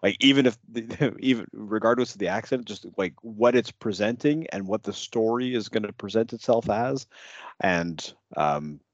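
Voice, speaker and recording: A male podcast co-host with a very low voice, talking about a film in halting, hedging phrases. The recording is dry and slightly dull, with no room sound. He stops and restarts often. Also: no echo. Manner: halting, with frequent restarts and hedges. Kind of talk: casual film review chat.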